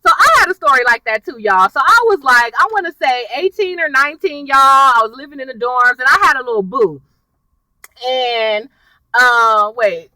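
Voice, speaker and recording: A woman's voice: high voice, distant mic, low-quality recording. Chatty woman recapping a TV episode. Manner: chatty and animated, lots of slang and y'all; acts out characters' lines in exaggerated quick voices. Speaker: TV recap vlogger.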